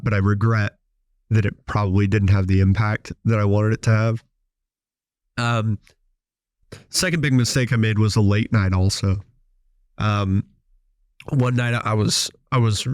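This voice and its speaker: A man's voice: on the low side, dry recording. Man telling stories in a dry studio. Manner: storytelling, animated quoted voices. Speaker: podcast host, business owner. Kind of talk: casual monologue.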